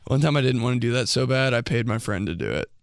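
A young man riffs through a casual comedy podcast, rambling and animated, full of fillers and goofy sound effects. His voice is bright and crisp. The recording is close and dry. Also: medium pitch, no room sound. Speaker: podcast host.

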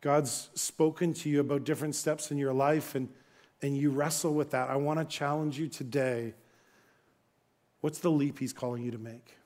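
A middle-aged man preaching a sermon, telling a story with lively acted-out dialogue and frequent restarts. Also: on the high side, normal speed. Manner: animated, acts out dialogue, many restarts. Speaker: pastor.

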